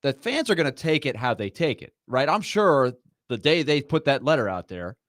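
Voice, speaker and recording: A man's voice: medium pitch, big pitch swings, normal speed, fairly bright tone, dry recording. A man hosting a sports talk show, arguing his points emphatically and animatedly.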